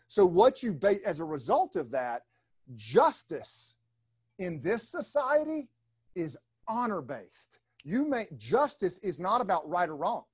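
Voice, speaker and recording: Middle-aged man, high voice, dry close recording; chatty webinar lecturer who keeps asking "right?". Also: dry recording. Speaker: webinar speaker. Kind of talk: leadership talk with slides.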